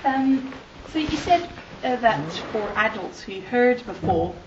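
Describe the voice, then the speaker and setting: A woman's voice: a little high, expressive, slow pace, noisy background. A woman in the audience asking a hesitant question, with many fillers. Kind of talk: question from the floor. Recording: roomy, distant, lo-fi hall audio.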